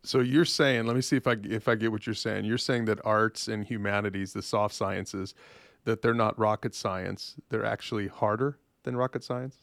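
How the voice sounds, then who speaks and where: A man's voice: lowish voice, fairly even intonation, moderate pace, gravelly, a bit bright, no echo, clean studio sound. A man interviewing a guest, restating his points back to check that he understood. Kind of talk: interview questions.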